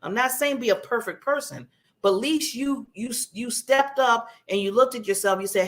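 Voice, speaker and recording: A woman hosting her own talk show, giving a motivational talk in a conversational, animated way and acting out contrasting voices. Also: fairly high pitch, moderate pace. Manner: conversational, laughs at herself.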